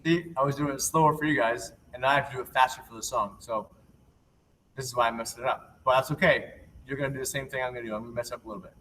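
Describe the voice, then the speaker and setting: A man's voice: medium pitch, fairly even intonation, fast talker, distant mic. Man, young adult, remote PE teacher, upbeat, reassuring, calls out rhythm steps, laptop mic set back, faint hiss. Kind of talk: remote lesson to young children.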